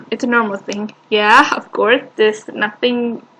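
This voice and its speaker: A woman's voice: on the high side, fairly even intonation, slow pace, bright, forceful tone, a little hiss or hum, low-quality recording. A woman giving casual reaction commentary, hesitant and dismissive, full of fillers. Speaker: reaction video host.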